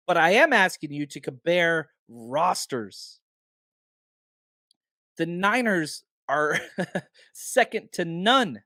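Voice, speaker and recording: A man hosting a casual sports podcast, animated and firing off rhetorical questions, a bit hoarse from talking a lot. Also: high voice, no room sound, studio quality. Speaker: podcast host.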